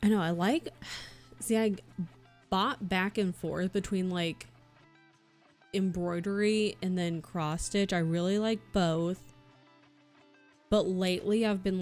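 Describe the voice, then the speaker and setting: A chatty woman streamer talking loosely as she works on a craft. Her voice sits at an ordinary pitch, and her talk is full of swearing and asides to her viewers. Quiet music plays underneath. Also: a little slow. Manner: chatty, swearing, reads out chat. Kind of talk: casual chat while crafting. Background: soft background music.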